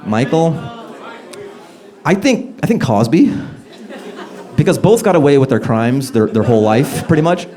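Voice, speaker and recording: A male stand-up comedian doing a loose, conversational set on a club stage, slipping into quick impressions, recorded live with a handheld mic. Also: a little high, lively intonation, dark tone. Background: audience laughter.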